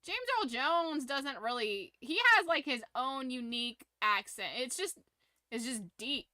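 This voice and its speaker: A woman streaming from her room at home, chatting casually with viewers in a rambling, excitable way and laughing often. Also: sits high, a little slow, no room sound. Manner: animated, rambling fan enthusiasm with frequent laughs.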